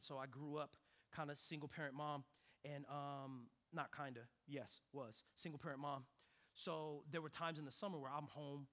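A young adult man preaching a sermon, telling a childhood story and swinging between quiet reflective stretches and loud excited ones. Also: fairly high pitch. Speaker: pastor.

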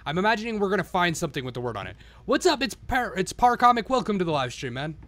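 A man's voice: high voice, very animated, quick pace, fairly bright tone, dry recording. A man streaming himself playing a game, swearing constantly and talking to himself as he goes. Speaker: live streamer. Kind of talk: live-stream gameplay commentary.

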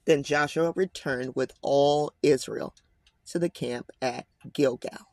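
A man's voice: medium pitch, takes it slowly, a little mellow, dry recording. Man reading scripture with casual asides. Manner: conversational, addresses listeners as guys; emphatic, slangy asides. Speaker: Bible commentator.

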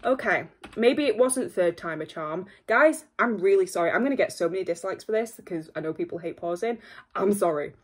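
A young woman hosting a reaction video from home, excitable and gushing, constantly apologizing while faint music plays behind her. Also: medium pitch, fairly quick, husky. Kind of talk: casual reaction vlog. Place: home room at a desk. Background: faint music playing.

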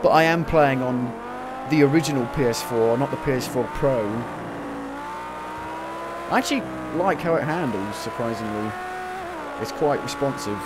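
A man of twenty giving casual, chatty commentary while playing a racing game demo, reacting with quick excited exclamations. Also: mid-range voice. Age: 20s. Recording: loud racing game engine noise under the voice. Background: racing car engines from the game.

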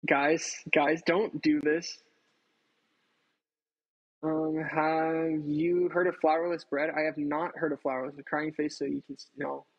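A man's voice: on the high side, flat delivery, takes it slowly, vocal fry, dull audio. A man chatting casually to his livestream chat while cooking in his home kitchen, swearing freely and poking fun at himself. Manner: chatty, swearing, self-mocking, talks to chat. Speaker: streamer.

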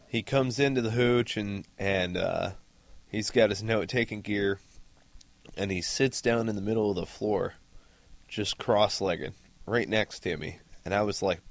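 A man with a low voice trades service stories in easy, enthusiastic chat and laughs often. His voice sounds dry and close to the mic. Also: dry recording. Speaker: podcast co-host, former Marine. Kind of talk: casual chat.

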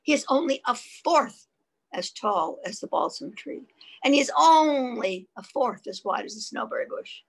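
A woman voicing an excited, out-of-breath little male rabbit who stumbles over his words. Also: on the high side, normal speed, gravelly, breathy edge, exaggerated voice, poor audio. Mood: breathless, eager.

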